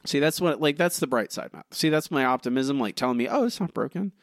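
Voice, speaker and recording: A man co-hosting a podcast in casual chat, reading listener reviews aloud with self-deprecating asides and halting restarts. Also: mid-range voice, a bit bright, no echo, studio quality. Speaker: podcast co-host.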